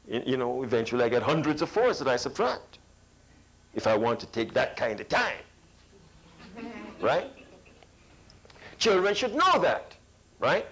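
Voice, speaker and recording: A man's voice: a little high, low-quality recording. A man giving a math workshop to parents, emphatic and full of rhetorical questions, sometimes mimicking teachers and children.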